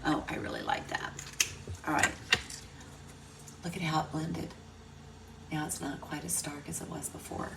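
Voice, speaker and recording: A woman's voice: sits low, moderate pace, vocal fry, pauses often. A middle-aged woman giving a casual crafting tutorial, chatty and thinking aloud as she works. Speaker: card-making instructor. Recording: distant mic, noisy room.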